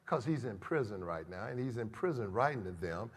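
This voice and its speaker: A man preaching a sermon, emphatic, moving between shouted lines and quiet asides. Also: lowish voice, lively intonation, fairly quick, husky, in a large hall.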